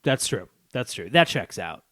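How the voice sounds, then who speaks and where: A man's voice: mid-range voice, sing-song, a little slow, pushed and bright, dry recording, studio quality. A man co-hosting a podcast in casual chat, laughing often as he reads a plot summary aloud and adds asides. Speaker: podcast co-host. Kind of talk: casual movie-recap chat.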